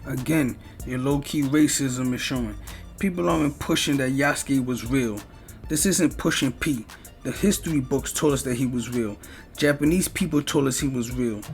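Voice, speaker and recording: A man's voice: mid-range voice, normal speed, soft background music. Heated man arguing back in slangy talk. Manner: heated, argumentative, talks back directly at the other creator; casual slang-heavy street talk. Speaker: YouTube commentator answering another video. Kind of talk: reaction commentary.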